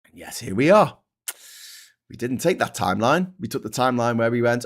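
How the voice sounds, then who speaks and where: A man's voice: medium pitch, lively intonation, moderate pace, fairly bright tone. A middle-aged man with a Liverpool accent hosting a show, ranting sarcastically about politics, swearing and restarting his sentences. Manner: sarcastic, swears freely, mocks people in put-on voices; stammering restarts. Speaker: show host.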